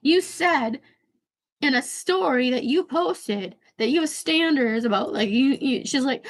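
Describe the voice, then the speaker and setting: A woman livestreaming an emotional rant. Her voice is tearful, shaky and a bit hoarse, and she stammers, repeats herself and swears bluntly. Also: sits high, animated, unhurried. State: hoarse from losing voice. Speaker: livestream host.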